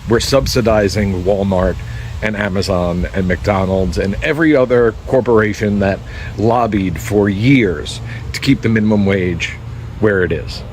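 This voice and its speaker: Low voiced guy making his case, firm, bit of background noise. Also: a little slow, rough recording. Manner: firm, argumentative. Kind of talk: opinion monologue.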